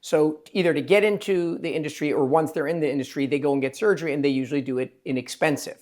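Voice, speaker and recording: A man, a plastic surgeon hosting a podcast, talking in an emphatic, rambling way and quoting his patients in quick asides. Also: on the high side, a little mellow. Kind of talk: casual interview chat.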